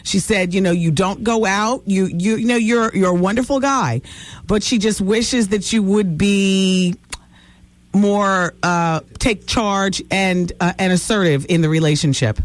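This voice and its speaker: A woman's voice: mid-range voice, unhurried. A woman hosting a call-in radio advice show, talking to callers in a direct, blunt way. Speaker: radio talk show host.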